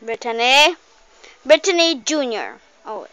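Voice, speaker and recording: Her voice a little high and fairly bright, a woman talks to her cat and kittens in a very animated, unhurried way while filming them at home on her phone. She coos in playful baby talk, and the casual home video has dull lo-fi phone sound.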